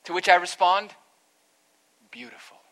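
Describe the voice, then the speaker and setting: A man's voice: a little high, unhurried, pushed and bright. A man, a pastor, preaching an earnest expository sermon that rises to emphatic peaks.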